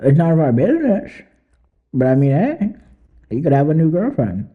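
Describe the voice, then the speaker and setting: A man's voice: fairly high pitch, wildly swooping pitch, moderate pace, narrow, tinny audio. A young man hosting a podcast alone, rambling in casual, profane commentary that mocks and laughs often. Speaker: podcast host.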